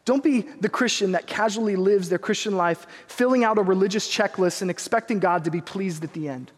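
A young pastor delivers a sermon, sharing a personal story earnestly and with animation while tossing quick asides to the congregation. His voice is high, and a long reverb tail trails after it.

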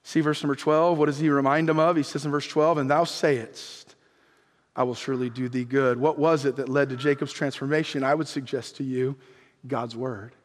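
High-voiced pastor preaching in a hall. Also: male voice, steady tone, a little fast. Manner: impassioned preaching, rising to near shouts then dropping low. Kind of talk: sermon. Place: church sanctuary. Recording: long reverb of a church hall.

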